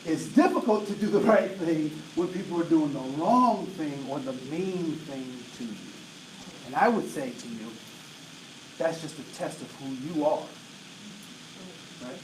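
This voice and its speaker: A man in his late forties giving an energetic diversity talk to an audience, often asking "right?" to check in with them. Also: a little high, measured pace. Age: 40s. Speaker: diversity trainer. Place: large room with an audience. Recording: roomy echo, voice from a distance, faint noise.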